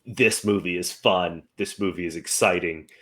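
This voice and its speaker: A man's voice: low voice, normal speed, fairly bright tone. A man co-hosting a movie podcast, chatting casually in a blunt, enthusiastic way. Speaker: podcast co-host. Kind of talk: casual chat.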